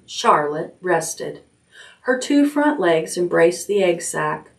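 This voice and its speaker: A woman librarian reading a children's chapter book aloud at bedtime, gently, raising her voice for the characters' lines. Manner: gentle storytelling, lifts pitch for character lines.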